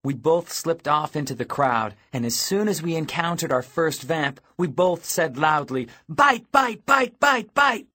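A man narrating a first-person audiobook in a lively reading voice, raising his voice for shouted cries in the story. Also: a little high, moderate pace, hardly any pauses.

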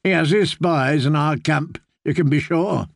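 A man's voice: on the high side, a little slow, creaky, dry recording, clean studio sound. A man voicing a bitter, accusing young noble heir. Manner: accusing, resentful.

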